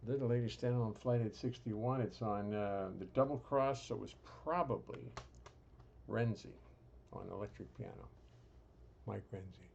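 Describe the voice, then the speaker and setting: A man's voice: medium pitch, gravelly, a little mellow, muffled recording, slight background noise. A man hosting a live stream from his home music studio, chatting casually with dry humor and rambling restarts. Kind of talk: casual chat.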